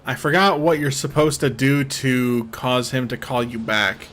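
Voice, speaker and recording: A man's voice: mid-range voice, unhurried, fairly bright tone. A man streaming a game in casual commentary, rambling as he explains and often saying "like". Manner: rambling, heavy use of "like".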